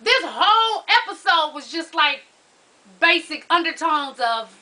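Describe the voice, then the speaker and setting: Sassy high-voiced woman recapping TV. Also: sing-song, moderate pace, bright, forceful tone, slight background noise, poor audio. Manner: sassy, profane, keeps calling listeners honey. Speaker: reality TV recap vlogger. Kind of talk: casual episode recap.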